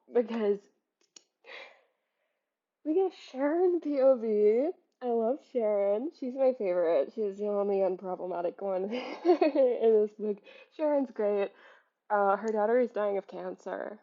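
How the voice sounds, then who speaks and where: A woman's voice: medium pitch, a little slow. A young woman giving a casual, sarcastic book critique, full of exasperated asides and laughter. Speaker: book reviewer. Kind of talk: casual video essay. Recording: slightly muffled lo-fi audio.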